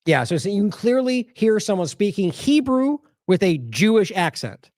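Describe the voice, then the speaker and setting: Male news host, higher voice, sarcastic rambling commentary, close dry mic. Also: big pitch swings, normal speed, darkish tone, dry recording. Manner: sarcastic, rambling with frequent restarts. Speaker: independent news show host. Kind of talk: commentary over video clips.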